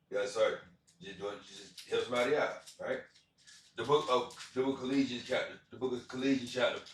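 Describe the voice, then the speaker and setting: A man's voice: fairly low pitch, a bit bright, a little hiss or hum. A man preaching informally about scripture, rambling with lots of repeats and fillers. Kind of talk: casual street sermon. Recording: very echoey, from far off.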